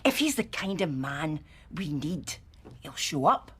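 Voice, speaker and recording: An actress playing a pushy, meddling woman friend in a TV soap drama, forceful and playful. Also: low voice, big pitch swings, a little slow, slightly rough, heavily acted. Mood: determined.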